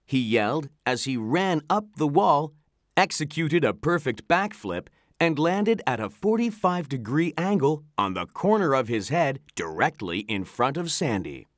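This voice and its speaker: A narrator reading a children's storybook aloud in an animated, expressive way. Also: mid-range voice, unhurried, no room sound, clean studio sound.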